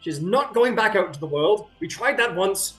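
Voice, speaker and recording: A man's voice: high-pitched, very animated, measured pace, fairly bright tone, roomy sound, soft background music, pitched above the performer's own voice, exaggerated voice. A man voicing a jealous, boastful fey husband who warns others off his wife. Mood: blustering. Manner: boastful, blustering.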